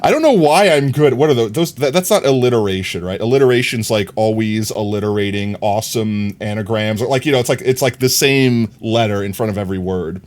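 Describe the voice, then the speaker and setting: A man's voice: on the low side, a little fast, hardly any pauses, a little mellow. A young man streaming a game live, chatting casually, rambling and correcting himself, often breaking into laughter. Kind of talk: casual live-stream chat while gaming.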